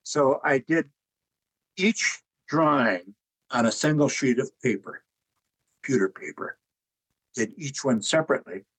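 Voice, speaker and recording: Older man, husky, unhurried anecdotal interview guest. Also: mid-range voice, rough recording. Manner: relaxed anecdotal, chuckles at his own jokes. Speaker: author and artist guest. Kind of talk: conversational interview storytelling.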